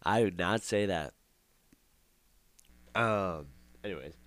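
A man's voice: sits low, slow pace, a bit bright, dry recording. A young man hosting a casual podcast monologue, rambling and sarcastic, repeating himself for effect. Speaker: podcast host.

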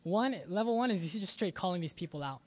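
A man's voice: high-pitched, expressive, fast talker. A man preaching a sermon as a pastor, earnest and often repeating words as he searches for the next thought.

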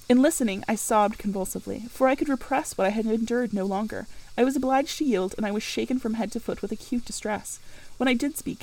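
Female audiobook narrator, measured and earnest, voice pitched a little high. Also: darkish tone, rough recording. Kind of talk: scripted narration.

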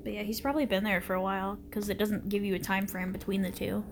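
A woman's voice: medium pitch, flat delivery, fast. Dry-witted young woman over background noise. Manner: dry, wisecracking, swears casually. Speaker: co-host of a movie reaction video. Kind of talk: casual reaction chat.

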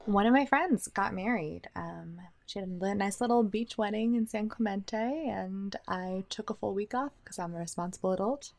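A woman's voice: medium pitch, moderate pace, vocal fry, darkish tone, a little hiss or hum. A young woman from California, a podcast guest, telling stories in a casual chat with a self-mocking Valley Girl lilt.

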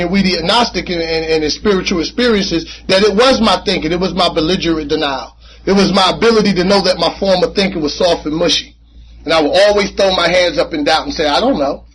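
A man speaking at a recovery meeting, telling his personal story in an animated, conversational way with casual slang and frequent repeats. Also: high voice, a little fast, a little hiss or hum, low-quality recording. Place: meeting room.

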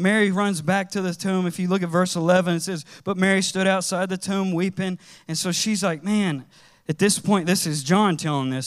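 A man preaching a sermon in a conversational, animated way, with casual slang as he tells stories. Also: high-pitched, clean tone.

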